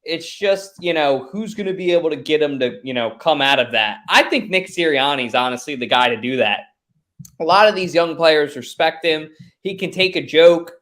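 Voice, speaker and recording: A man co-hosting a sports podcast, talking casually and thinking out loud with hedges and asides. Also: a little high. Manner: rambling, hedging, thinks out loud. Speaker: podcast co-host.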